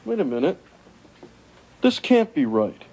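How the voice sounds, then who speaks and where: A man voicing a wisecracking, self-pitying male alien in a 1980s sitcom, gravelly and nasal, sarcastic and melodramatic. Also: a little high, very animated, measured pace. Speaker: sitcom character. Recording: noisy TV audio with studio laughter.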